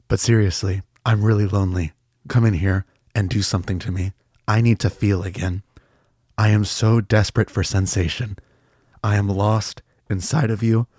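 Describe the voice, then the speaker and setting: Guy putting on his clingy inner voice, lowish and hushed, pleading, dry mic. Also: fairly even intonation, moderate pace, dry recording. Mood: needy. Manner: soft, pleading, intimate. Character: man's clingy needy male inner voice.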